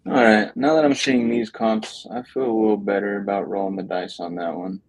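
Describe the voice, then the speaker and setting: A man's voice: fairly low pitch, little pitch movement, fairly quick, no room sound, poor audio. A man chatting casually on a livestream while calling property sellers, loose and joking, swearing now and then. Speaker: real estate wholesaler calling sellers on a livestream.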